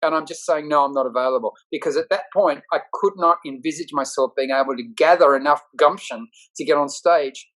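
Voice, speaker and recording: A man's voice: a little high, a bit bright, low-quality recording. Man, comedian guest, punchy timing, self-deprecating, candid interview. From Australia. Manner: quick, punchy comic delivery, self-deprecating.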